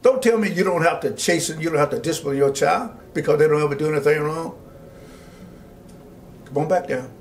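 Preaching man, pitched a bit high. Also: a little hiss or hum. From Georgia, US. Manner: reads scripture slowly, then preaches with rising emphasis and asides to listeners. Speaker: pastor. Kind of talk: Bible study teaching.

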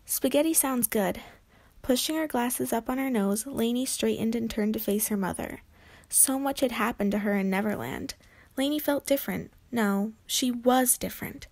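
Lady reading a kids chapter book, gentle and clear, voice on the higher side. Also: moderate pace. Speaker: narrator. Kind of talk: children's book read-aloud.

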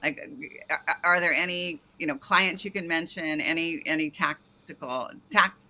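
A woman's voice: low voice, moderate pace, bright, forceful tone. A woman coaching a startup founder over a video call, giving detailed feedback and often correcting herself mid-sentence.

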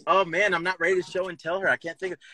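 A man's voice: high voice, level tone, rapid-fire, pushed and bright, slightly rough. A man chatting casually on a live stream from his parked car, easily amused and laughing often. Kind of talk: casual chat.

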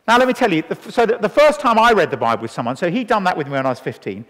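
His voice high-pitched and racing, with hardly any pauses, an evangelist preacher in his fifties delivers a sermon to a live audience. He tells animated stories and plays out the dialogue, all in a church hall with long reverb.

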